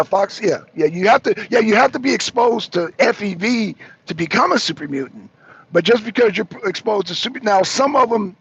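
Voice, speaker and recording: A man's voice: high voice, creaky, husky, no room sound, highs cut off. A truck driver calling in from his parked cab, chatting casually and profanely, rambling and cutting himself off. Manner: profane, rambling, self-interrupting. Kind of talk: casual chat.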